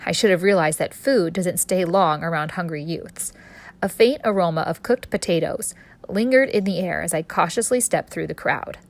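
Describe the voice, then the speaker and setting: A woman author narrating her own story in first person, expressive and storytelling in tone. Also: on the low side, normal speed. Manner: expressive storyteller, voicing a cheeky street boy.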